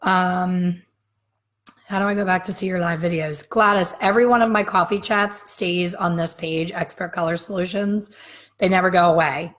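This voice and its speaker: This hair color educator, a woman in her fifties whose voice sits on the low side, leads a live coffee-chat session. Her lesson is blunt and emphatic, aimed right at her audience.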